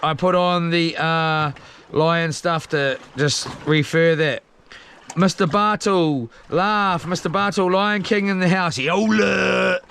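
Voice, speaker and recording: The livestreamer is a young man with a New Zealand accent, on a small boat at sea, casually working through viewer comments with slang, rambling, and plenty of fillers. He speaks slowly in a steady, slightly high, fairly bright voice, with slight background noise.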